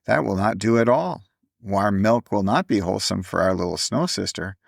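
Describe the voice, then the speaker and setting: A man's voice: fairly low pitch, lively intonation, moderate pace, creaky, no echo, clean studio sound. A man voicing a little girl in a storybook reading, earnest and explaining things with grave wisdom. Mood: eager. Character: little girl, eager and wise beyond years.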